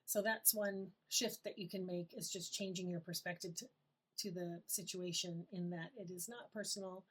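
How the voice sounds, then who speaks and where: Husky woman giving calm parenting advice. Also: fairly low pitch, moderate pace. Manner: calm and reassuring, acts out parent and child quotes. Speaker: parenting coach. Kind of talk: advice talk to camera.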